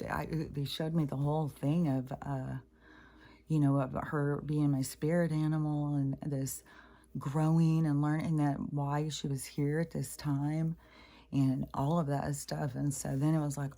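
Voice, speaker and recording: Low, mellow-voiced woman telling stories. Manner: rambling, emotional, swears freely, acts out voices with pitch jumps. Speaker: spiritual vlogger. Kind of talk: casual personal storytelling.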